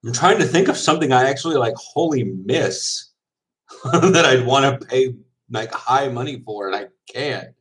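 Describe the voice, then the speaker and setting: A man's voice: mid-range voice, expressive, normal speed, fairly bright tone, poor audio. A man from the United States chatting casually as a vlogger, wry and sarcastic. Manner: wry, sarcastic, laughs often. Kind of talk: casual chat.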